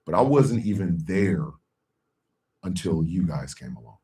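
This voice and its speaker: Man, middle-aged, host, heartfelt, long pauses, very slow delivery, slightly distant mic. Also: low voice, sing-song. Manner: bursts into a loud shouted sign-off. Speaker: show host. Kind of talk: emotional live-stream talk to viewers.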